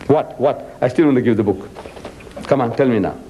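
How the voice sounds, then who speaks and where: A man with a South African accent giving a religious lecture to a live audience. He acts out dialogues, teases the crowd and recites Arabic scripture quickly between English lines. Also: mid-range voice, dark tone, a little hiss or hum. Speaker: Islamic preacher and lecturer.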